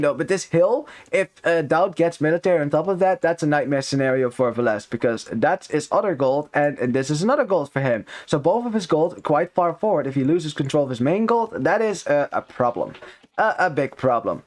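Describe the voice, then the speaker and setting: Male esports caster, somewhat high voice, chatty and upbeat, lots of fillers and restarts. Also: lively intonation, fairly quick. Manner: chatty and upbeat, frequent fillers and self-corrections. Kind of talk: live game commentary.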